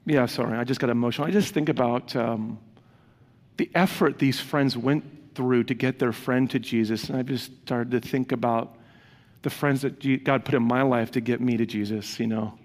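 A man's voice: medium pitch, steady tone, moderate pace, a little mellow. A man preaching a sermon as a pastor, speaking earnestly and conversationally to his congregation. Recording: long reverb of a large hall.

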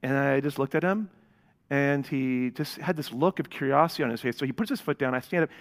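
A man preaching a sermon to a congregation, telling a story and speaking to the crowd directly, moving from hushed to loud and excited. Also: mid-range voice, a little fast, big-room sound. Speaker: pastor.

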